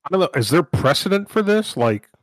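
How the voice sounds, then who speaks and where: A man's voice: sits high, big pitch swings, brisk, no echo, studio quality. Blunt laid-back male co-host. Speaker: podcast co-host. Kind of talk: casual chat.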